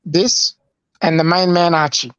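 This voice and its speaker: A man's voice: on the high side, fairly even intonation, measured pace, fairly bright tone, clear, resonant tone, highs cut off. A man joining a livestream chat remotely, laughing and teasing the others. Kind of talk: casual chat.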